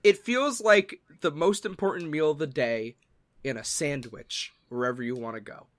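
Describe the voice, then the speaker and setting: A young man co-hosting a podcast, relaxed and casual, swearing now and then and playing along with jokes. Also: a little high, moderate pace, no echo. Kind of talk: casual comedic banter.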